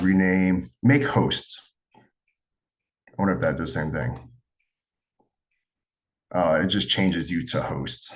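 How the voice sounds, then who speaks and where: Very deep-voiced meeting host. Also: male voice, a little hiss or hum. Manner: casual, thinking aloud. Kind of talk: online class.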